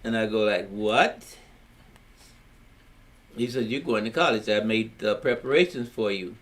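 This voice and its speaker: A man's voice: on the low side, fairly quick. An older man from Louisiana with a Louisiana accent, telling his life story in a family history recording, plain-spoken and rambling as he acts out old conversations.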